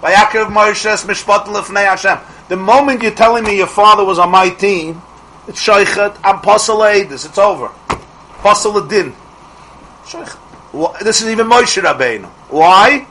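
A middle-aged man teaching a Torah class as a rabbi, asking rhetorical questions and restarting his phrases quickly. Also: high voice, sharp tone, slight background noise, poor audio.

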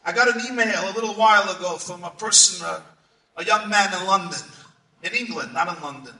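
Impassioned rabbi with a high, bright voice. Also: male voice, fairly quick. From United States. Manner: impassioned storytelling with sudden shouts and hushed asides. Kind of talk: sermon. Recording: echoey room, far from mic.

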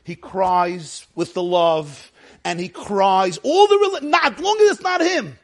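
Animated high-voiced man giving a lecture. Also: measured pace. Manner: animated, emphatic, with rhetorical questions. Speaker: religious teacher. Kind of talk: spiritual lecture to an audience.

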